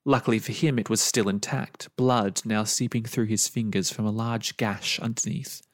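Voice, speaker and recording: A man's voice: fairly low pitch, fairly even intonation, moderate pace, dry recording, clean studio sound. A man narrating a story he wrote, reading expressively with dramatic emphasis.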